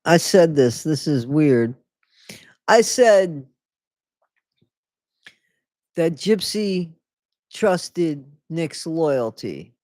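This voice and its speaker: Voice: medium pitch, expressive, slow pace, mellow, dry recording, clean studio sound. A host reading a memoir aloud, breaking in with mocking, sarcastic comments and frequent laughter.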